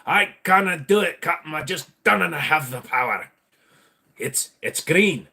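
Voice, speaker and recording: A man's voice: on the high side, animated, unhurried, gravelly, bright, forceful tone, voice pushed up, full character voice. A man voicing a strained, pleading male ship engineer in a Scottish accent.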